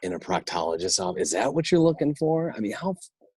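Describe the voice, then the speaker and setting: A man, an improv instructor, chatting as a guest and acting out quotes in an animated way. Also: on the low side, quick pace, breathy edge, no room sound. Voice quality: animated storyteller, acts out quotes. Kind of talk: casual interview chat.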